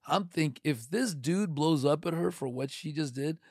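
A middle-aged man in casual podcast chat, animated and acting out quoted voices. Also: a little high, normal speed, husky, dry recording, clean studio sound.

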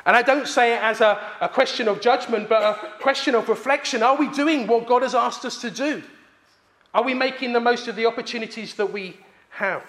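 A man, preaching a sermon emphatically with pauses for effect. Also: very high-pitched, a bit bright.

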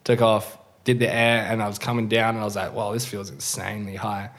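A laid-back man with a fairly low voice recounts a big surf session, loose and easygoing. He swears freely and slips into the voices of people he's quoting. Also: flat delivery, fairly quick, a bit bright. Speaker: surfer telling a story. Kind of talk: casual chat.

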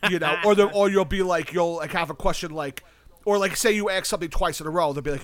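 A young man with a somewhat high-pitched voice talks in a loose, rambling way. He piles on "like" and starts sentences over and over. He swears casually and stays eager throughout. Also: fast, a bit bright. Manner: rambling, filler-heavy, with frequent restarts and casual swearing; enthusiastic about a video game. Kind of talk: casual chat.

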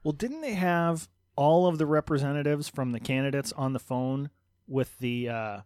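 A man's voice: mid-range voice, normal speed, darkish tone, clear, resonant tone, no room sound, clean studio sound. A man co-hosting a casual political talk show, speculating in a wry, conversational way. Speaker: podcast co-host.

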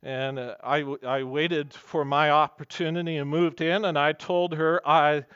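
A man's voice: a little high, fairly even intonation, measured pace, fairly bright tone, clean tone, dry recording, muffled recording. A man preaching a sermon as pastor, earnest and emphatic, weaving in personal stories.

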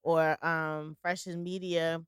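A woman's voice: deep voice, level tone, slow, smooth, dry recording, clean studio sound. A woman co-hosting a casual podcast chat, thoughtful, posing questions to the group. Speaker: podcast co-host.

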